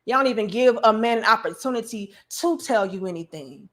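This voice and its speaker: A woman's voice: a little high, lively intonation, fairly quick. A woman, hosting an emphatic, preachy opinion monologue. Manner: emphatic, preachy, acts out quoted voices. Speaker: commentary show host.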